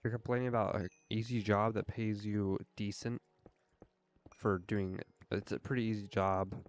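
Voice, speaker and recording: A man's voice: lowish voice, steady tone, normal speed, faint music behind. A young man streaming a game and talking in an earnest, rambling way, full of fillers. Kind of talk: casual rambling chat while gaming.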